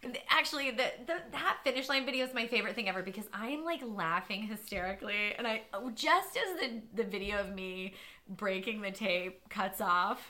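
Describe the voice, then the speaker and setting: Bright lively woman chatting about her running, animated and quick to laugh. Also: medium pitch. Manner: animated storyteller, laughs often, many restarts. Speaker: runner and interview guest. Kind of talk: casual interview conversation.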